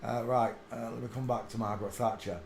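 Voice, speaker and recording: A man's voice: mid-range voice, steady tone, quick pace, vocal fry, slight background noise. A man, rambling crudely through a casual live stream and mocking himself. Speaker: host. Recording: echoey room.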